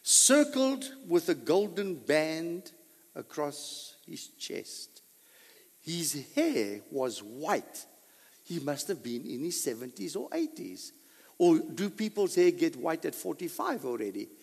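Man preaching, slow and deliberate, lively swooping pitch, long hall reverb. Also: gravelly, breathy edge. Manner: animated preaching with rhetorical questions and sudden loud peaks. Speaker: pastor. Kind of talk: sermon.

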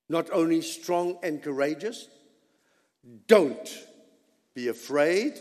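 A man's voice: fairly high pitch, a little mellow, in a large hall. A man preaching a sermon as pastor, emphatic and dramatic, dropping suddenly to near whispers.

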